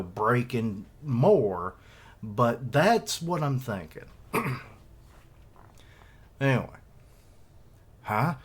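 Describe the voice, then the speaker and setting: A man's voice: mid-range voice, a bit bright. A man on a casual live reaction stream, rambling and joking as he reads comic dialogue aloud.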